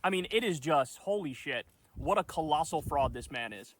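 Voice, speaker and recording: A man with a high voice delivers political commentary, sarcastic and openly incredulous. The sound is dry and close, with no room around it. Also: lively intonation, moderate pace, fairly bright tone, no room sound.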